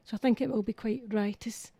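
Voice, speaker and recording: Scottish singer guest, chatty and self-mocking, mellow higher voice, dry studio sound. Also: female voice, fairly even intonation, brisk, creaky, breathy edge, no room sound. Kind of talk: casual radio interview.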